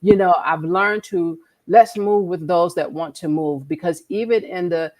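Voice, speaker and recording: Earnest woman with a low voice. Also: unhurried, a little mellow. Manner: earnest, preachy, repeats words. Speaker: podcast co-host. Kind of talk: casual conversation.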